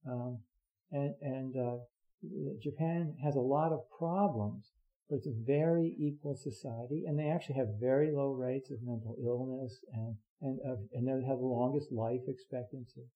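A man's voice: medium pitch, fairly even intonation, normal speed, dull audio. A man giving a heartfelt, rambling Zen dharma talk, full of fillers and restarts. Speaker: Zen teacher.

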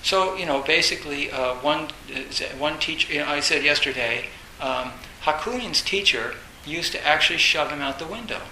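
A man gives a dharma talk in an echoey room with a faint hiss behind him. His voice is bright and a little gravelly, set somewhat high. He rambles and repeats himself, filling gaps with "uh" and "you know". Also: animated, normal speed, hardly any pauses. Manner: rambling, repeats phrases, many fillers; acts out inner voices, bursts loud. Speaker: Zen teacher.

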